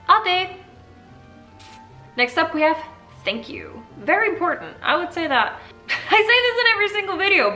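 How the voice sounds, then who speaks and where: A woman's voice: fairly high pitch, bright, forceful tone. A woman vlogger talking casually and playfully as she teaches basic phrases, often laughing. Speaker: language vlogger. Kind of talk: casual tutorial chat.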